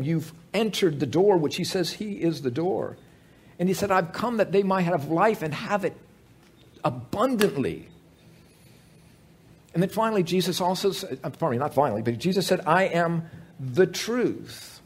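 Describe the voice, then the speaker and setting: Male pastor, high husky voice, very lively pitch, conversational sermon with jokes. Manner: conversational and animated, with frequent restarts and humorous asides.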